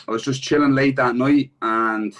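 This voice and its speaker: A man's voice: medium pitch, fairly even intonation, normal speed, fairly bright tone, low-quality recording. Irish fighter guy rambling in an interview, lots of swearing, "do you know what i mean" every other line. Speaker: MMA fighter guest. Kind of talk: casual interview chat.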